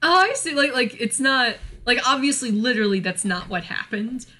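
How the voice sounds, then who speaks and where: A woman's voice: fairly high pitch, expressive, moderate pace, sharp tone. An American woman co-hosting a podcast, talking in a chatty way, with many fillers, and laughing often. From United States. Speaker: podcast co-host. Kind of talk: casual chat.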